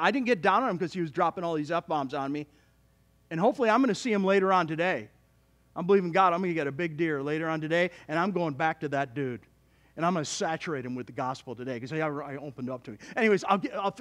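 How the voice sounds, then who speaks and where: A male pastor preaching a sermon in an animated, joking way, with many restarts. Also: high voice.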